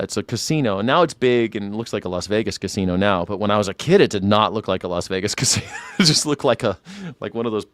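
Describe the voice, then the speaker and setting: A man's voice: lowish voice, no room sound. A man from California hosting a live news reaction stream, rambling and swearing as he chats with viewers. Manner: profane, rambling, chatty with chat readers. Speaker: news reaction show host. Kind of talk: casual live-stream commentary.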